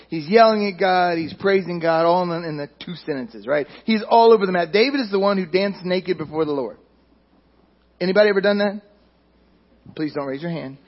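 A man preaches to his congregation in a loose, conversational sermon, often turning his points into questions for the listeners. His voice sits high and has a husky, breathy edge. The recording sounds muffled and lo-fi. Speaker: pastor.

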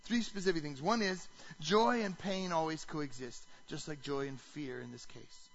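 A man preaching a sermon to a congregation, animated, often asking the listeners questions. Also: on the high side, moderate pace, muffled recording. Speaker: pastor.

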